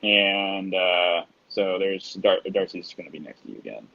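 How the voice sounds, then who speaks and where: Low-voiced man narrating as game master. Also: moderate pace, gravelly, muffled recording. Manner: relaxed, filler-heavy narration.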